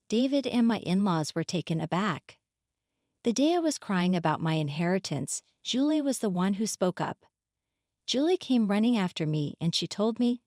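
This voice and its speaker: A woman narrating a scripted first-person story in a calm, steady way. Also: on the low side, normal speed, no room sound, clean studio sound.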